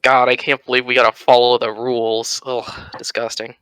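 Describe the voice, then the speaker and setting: A man's voice: mid-range voice, flat delivery, normal speed, bright, forceful tone, clear, resonant tone, dry recording, rough recording. A man playing a tabletop game, tossing out sarcastic quips. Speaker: player. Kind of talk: casual tabletop banter.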